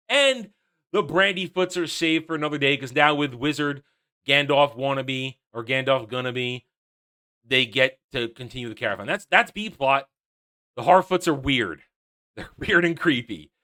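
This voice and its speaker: A man's voice: mid-range voice, expressive, moderate pace, bright, forceful tone. A man giving a casual, sarcastic episode review, mocking and ranting with frequent laughs. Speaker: TV show reviewer.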